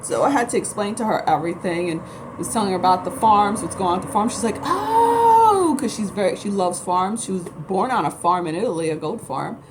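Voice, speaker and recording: Speaking fast in a fairly low voice over a noisy background, this woman from New York City rambles casually to camera. She's a spiritual vlogger and Reiki practitioner, and her delivery is blunt and emphatic.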